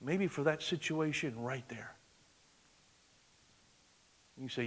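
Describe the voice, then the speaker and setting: A man preaching a sermon in church, swinging from loud exclamation to hushed, intimate prayer. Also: on the high side, slow, pauses often, husky. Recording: long reverb of a large hall.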